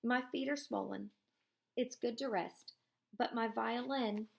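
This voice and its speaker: A feeble young violinist, as a woman reading aloud puts him on, speaks in faint, breathless, halting phrases. The voice sits well above the reader's usual pitch and keeps a gravelly grain.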